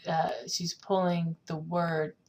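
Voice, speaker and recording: Young female vocal coach, slow and patient, stops often to sing demo phrases. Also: on the low side, flat delivery, a little mellow. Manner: explains slowly, demonstrates lines by singing them. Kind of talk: singing lesson.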